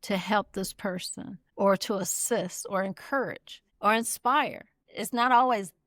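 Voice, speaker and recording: A woman's voice: mid-range voice, unhurried, a bit bright, dry recording, studio quality. A middle-aged woman talking earnestly as a guest, stressing her points and repeating them. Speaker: guest, community builder. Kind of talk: casual conversation.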